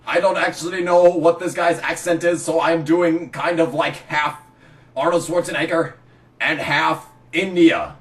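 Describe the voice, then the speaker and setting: A man delivering a sarcastic, exasperated rant about motorsport, breaking into shouts now and then. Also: on the high side, steady tone, unhurried, distant mic. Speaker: racing commentary vlogger. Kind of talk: ranting commentary. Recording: roomy, set back from the mic.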